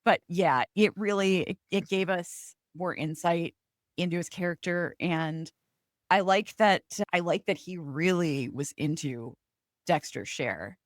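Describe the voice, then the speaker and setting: A woman co-hosting a casual TV recap podcast, excitable and laughing often. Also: fairly low pitch, unhurried, dry recording, studio quality. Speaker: podcast co-host.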